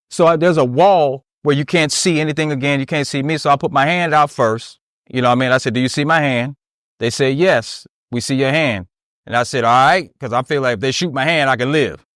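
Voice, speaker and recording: A man's voice: medium pitch, dry recording, clean studio sound. A man, a military veteran, telling a story in an interview and acting out the dialogue as he goes. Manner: animated retelling that acts out dialogue, often asks "you know what I mean?". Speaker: interview guest.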